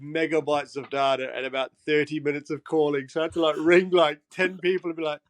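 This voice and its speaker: A young Englishman with a Geordie accent appears as a podcast guest, telling stories in casual chat. He is animated and swears freely while acting out quotes, with a voice on the high side and a slightly fast delivery.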